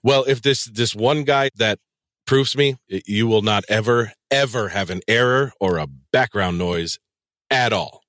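A man's voice: fairly low pitch, unhurried, no room sound, clean studio sound. A man hosting a crude, casual podcast chat, swearing and laughing often. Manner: profane, laughs often, animated. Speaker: podcast host and audiobook narrator.

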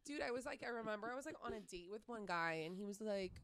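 A woman's voice: mid-range voice, expressive, quick pace, fairly bright tone. A young woman hosting a casual chat, gushing and filling her talk with "like.". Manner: gushing, says "like" a lot.

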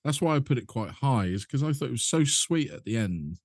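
A man's voice: medium pitch, big pitch swings, a little fast, no room sound, studio quality. A man co-hosting a casual podcast chat, talking keenly and often stopping to restart his words. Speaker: podcast co-host.

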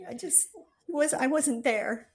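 A grieving woman at a reading, speaking in short, halting phrases. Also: high-pitched. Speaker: sitter at a reading. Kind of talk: emotional conversation.

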